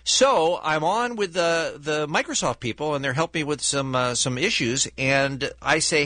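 A man co-hosting a radio show in casual chat, an animated storyteller. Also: on the high side, normal speed, hardly any pauses, no echo.

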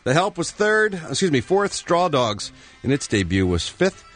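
A male radio co-host reading entertainment news in a jokey, animated way. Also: a little high, normal speed, faint music behind.

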